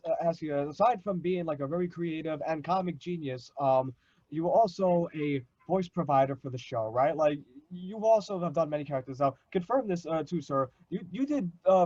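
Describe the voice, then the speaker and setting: A man hosting a fan panel, enthusiastic and polite, halting often with fillers. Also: on the high side, darkish tone, no room sound. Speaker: host. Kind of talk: casual chat. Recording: dull, dry sound.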